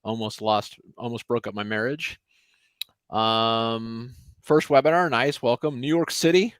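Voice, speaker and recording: A man's voice: medium pitch, fairly even intonation, unhurried, fairly bright tone, clean tone, dry recording. Rambling, friendly male webinar host. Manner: rambling, friendly, many fillers. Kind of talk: casual live webinar talk. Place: home office in Austin.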